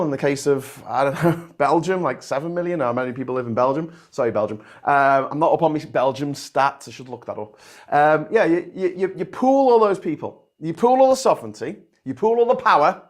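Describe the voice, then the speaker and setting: A man with a Liverpool accent hosting a casual livestream, ranting and swearing, often restarting his sentences. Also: high voice. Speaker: host.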